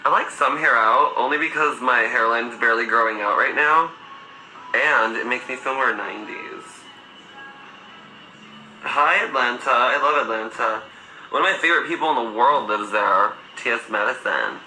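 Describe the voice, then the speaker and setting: A young man in his twenties talks on a phone livestream in a campy, sassy way, his voice sharp and very bright. The room is echoey, with faint music playing behind him. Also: mid-range voice, moderate pace. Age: 20s. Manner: sassy, campy storytelling, swears freely, laughs often. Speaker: livestream host. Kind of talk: casual livestream chat.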